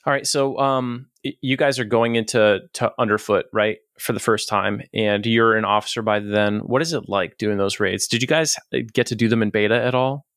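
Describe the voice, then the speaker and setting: A man with a somewhat low voice hosts a laid-back podcast interview. He fires off loose questions, peppered with casual swearing. The sound is dry and close to the mic. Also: steady tone, moderate pace, hardly any pauses, fairly bright tone, no room sound. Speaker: podcast host.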